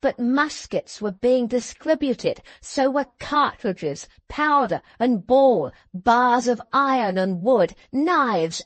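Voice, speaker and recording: A woman narrating an audiobook in a steady, measured storytelling manner, recorded on a close mic. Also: a little high, dry recording. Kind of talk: scripted narration.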